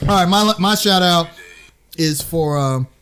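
A man co-hosting a casual sports talk show, opinionated and chatty with quick asides. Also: high-pitched, fairly bright tone, slight background noise. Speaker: podcast co-host.

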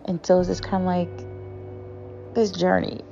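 A woman co-hosting a podcast, talking through her feelings in a halting, self-affirming way with many fillers. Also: on the low side, little pitch movement, creaky, dark tone, highs cut off, faint music behind. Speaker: podcast co-host. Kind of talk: reflective podcast monologue.

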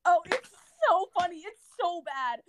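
A young woman co-hosting a podcast, telling a story in a lively way with lots of filler words. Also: very high voice, normal speed, crowd noise. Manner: animated storytelling with many fillers. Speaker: podcast co-host. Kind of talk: casual chat.

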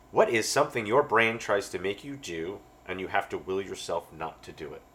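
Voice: deep voice, expressive, unhurried, fairly bright tone, slight background noise. A podcast co-host in casual chat, making dry teasing remarks.

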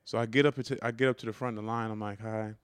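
A man's voice: medium pitch, fairly even intonation, rapid-fire, clean tone, no echo, studio quality. A man co-hosting a podcast, telling a story, full of "like" and "right?". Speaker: podcast co-host. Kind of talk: casual storytelling chat.

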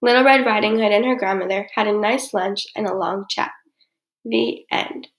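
A woman narrating a children's storybook in an expressive, measured way. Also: medium pitch. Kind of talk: storybook reading.

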